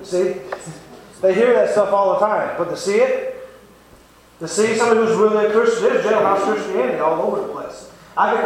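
A man's voice: high-pitched, fairly quick. A man giving an earnest, repetitive testimony sermon in a church. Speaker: lay preacher giving testimony. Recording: echoey church room, faint noise.

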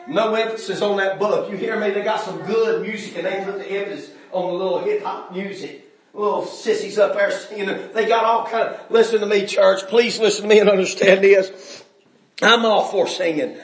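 A man preaching a fiery sermon, shouting one moment and dropping low the next. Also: reverberant. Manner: shouting, swinging between loud outbursts and low, quiet stretches.

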